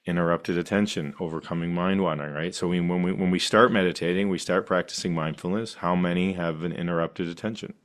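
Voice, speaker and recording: Animated man teaching meditation. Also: sits low. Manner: animated, laughing often, with playful asides.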